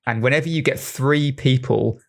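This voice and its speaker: A man on a casual podcast explaining a game he loves. He is enthusiastic but halting, restarting his sentences and laughing often, with a voice of ordinary middle pitch. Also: creaky. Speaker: podcast co-host, game developer. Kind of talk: casual chat.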